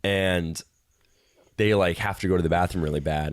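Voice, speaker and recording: A young man co-hosting a podcast, telling an animated story in casual chat and acting out the people in it. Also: low voice, moderate pace, dry recording, clean studio sound. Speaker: podcast co-host. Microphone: podcast microphone.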